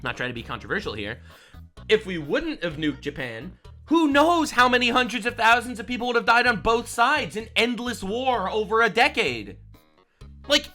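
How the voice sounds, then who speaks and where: Excitable, bright-voiced young man reacting. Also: high-pitched, normal speed, faint music behind. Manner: excitable, incredulous, loud swings. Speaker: streamer reacting to clips. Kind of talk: reaction commentary.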